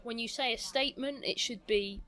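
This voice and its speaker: A woman's bright, fairly high voice carries a mixed British accent with a London twang. She has a slight lisp and talks quickly and animatedly, like a coach mentor chatting on a podcast. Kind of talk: podcast conversation.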